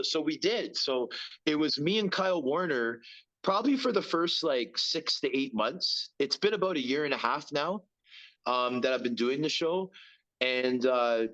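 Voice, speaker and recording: A man's voice: medium pitch, normal speed, fairly bright tone, dull audio. A man in his thirties, a former pro hockey player, telling stories as a guest in a casual interview, rambling with many fillers and repeated words.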